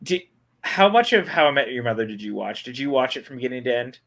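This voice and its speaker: Guy cohosting a movie watch-along, bright voice, chatty and excited. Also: mid-range voice, fast. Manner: chatty, enthusiastic film talk. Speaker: podcast co-host.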